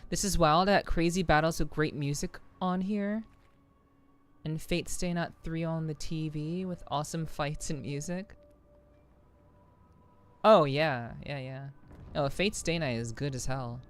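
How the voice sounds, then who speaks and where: A woman's voice: low-pitched, a little slow. Woman streamer with a sore, scratchy throat. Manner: chatty, greets viewers with repeated welcomes. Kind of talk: casual live-stream chat.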